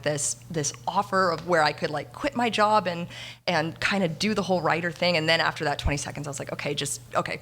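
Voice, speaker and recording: A woman in her thirties with a somewhat low voice, speaking as the guest author at a bookstore launch. She talks in a loose, anecdotal way, winding through stories to a live audience. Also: a bit bright. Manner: chatty, anecdotal storyteller. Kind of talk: casual onstage conversation. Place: bookstore event before an audience.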